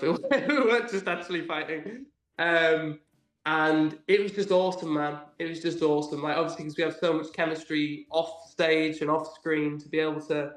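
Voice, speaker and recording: A young English actor, appearing as a guest over a video call, chats eagerly in a casual interview packed with ums and likes. His voice is a little high and a bit bright, in an echoey room.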